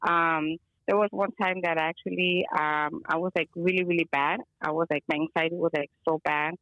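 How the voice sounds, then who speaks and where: A woman's voice: sits low, steady tone, normal speed, fairly bright tone, dry recording, lo-fi sound. A woman guest on a call, telling a long story casually with many fillers and Spanish phrases mixed in. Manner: rambling, filler-heavy, mixes in Spanish phrases. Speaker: guest caller. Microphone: phone or video call.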